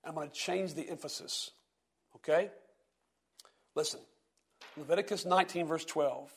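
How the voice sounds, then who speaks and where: Male preacher, high gravelly voice, slow emphatic scripture reading, questions to the room. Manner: reads scripture slowly with heavy emphasis, asks the congregation questions. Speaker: pastor. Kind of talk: sermon.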